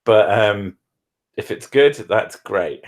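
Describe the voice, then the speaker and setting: A man's voice: fairly low pitch, animated, slow. Sweary southern English man. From southern England. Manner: swearing, self-mocking, joking. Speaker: streamer, show host. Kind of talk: casual stream banter.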